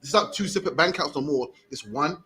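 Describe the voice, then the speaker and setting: A British man in his thirties preaches in the street, talking fast in a fairly high, bright, forceful voice. He's emphatic and keeps tagging "man" onto the ends of his lines.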